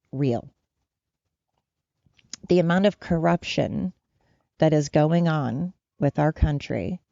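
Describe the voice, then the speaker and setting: Gravelly, dark-voiced woman ranting. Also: sits low, no echo, muffled recording. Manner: profane, rambling, worked-up. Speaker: podcast host. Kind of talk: solo podcast rant. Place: at home with her dogs.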